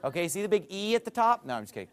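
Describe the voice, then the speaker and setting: A pastor preaching a teaching sermon to his congregation, walking them through a chart and checking in with frequent "okay?" asides, swinging between emphatic loud phrases and quiet ones. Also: high voice, very animated, rapid-fire.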